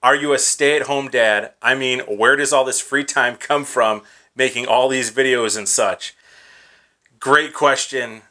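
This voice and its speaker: A man's voice: mid-range voice, fairly even intonation, a little slow, sharp tone. A man in his thirties hosting a casual Q&A vlog from his home studio, chatty and upbeat, with lots of "kinda" and "uh". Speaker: YouTube channel host. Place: small home studio with gear bins behind.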